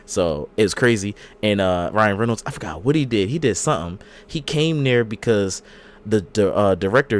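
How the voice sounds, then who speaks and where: A man co-hosting a casual podcast, telling a long rambling story and acting out the quotes. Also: fairly low pitch. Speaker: podcast co-host. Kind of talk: casual chat.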